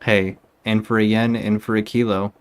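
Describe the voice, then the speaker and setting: A man's voice: on the low side, little pitch movement, moderate pace, clean tone, natural voice. A man reading aloud for a brash male gangster in a video game, blunt and full of street slang.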